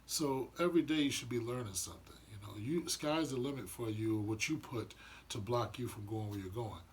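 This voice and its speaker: Talking fairly quickly in a mid-range voice, a man vlogs about spirituality, rambling earnestly and frequently restarting sentences. There's slight background noise in this casual, reflective piece.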